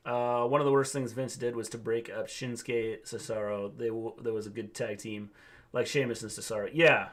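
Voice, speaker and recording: A man's voice: medium pitch, steady tone, moderate pace. An older man with a mid-range voice talks casually through a live wrestling watchalong. He muses aloud and chuckles to himself between remarks. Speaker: co-host, veteran teacher.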